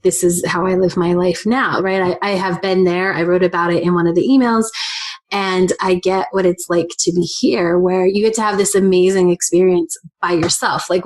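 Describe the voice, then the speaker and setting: A woman's voice: lowish voice, a little mellow. A woman hosting a podcast and coaching her guest, giving short affirmations and reflecting back in casual talk. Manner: supportive, brief affirmations. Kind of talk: casual conversation.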